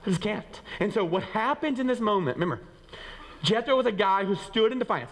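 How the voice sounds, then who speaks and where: A pastor preaching to his congregation at a rapid clip, lively and acting out what people say. His voice carries the long reverb of a church sanctuary. He swings his pitch up and down for emphasis. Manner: animated, acts out quoted voices, rises and drops in pitch. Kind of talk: sermon. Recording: reverberant hall.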